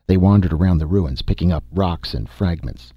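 A man narrating an audiobook in a steady, even reading with a husky voice. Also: sits low, moderate pace, no echo, highs cut off.

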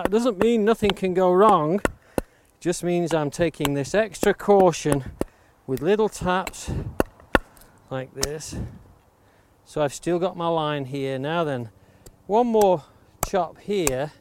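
A man teaching how to shape a wooden blank with an axe, explaining each step and stressing safety, recorded outdoors near the coast. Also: on the high side. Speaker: woodcarving instructor. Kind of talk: hands-on demonstration tutorial. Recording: clear background noise of chopping and clicks. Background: axe chops and clicks.

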